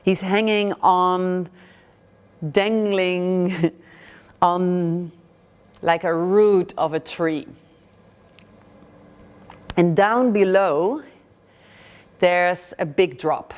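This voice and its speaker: A woman teaching a yoga class, calm and gentle, telling a story as she guides. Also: on the low side, very slow, long pauses, smooth.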